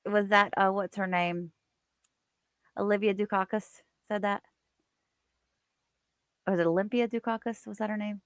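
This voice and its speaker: A woman's voice: mid-range voice, fairly even intonation, measured pace, long pauses, clean tone, dry recording. A woman hosting a casual livestream, chatting with viewers and reading their comments aloud. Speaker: livestream host.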